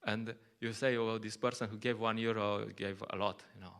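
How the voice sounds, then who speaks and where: A man's voice: on the low side, fairly even intonation, moderate pace, a bit bright, smooth. A man with Slovenian as his first language giving a conversational scripture class in English, often laughing and acting out little quotes. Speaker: lecturer at a temple.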